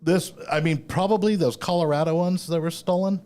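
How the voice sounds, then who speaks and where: A man's voice: fairly high pitch, fairly even intonation, brisk, warm tone. A man hosting a podcast, telling news stories in a casual, profane way during a live broadcast from a store. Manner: profane storytelling of news items. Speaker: podcast host. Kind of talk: casual chat.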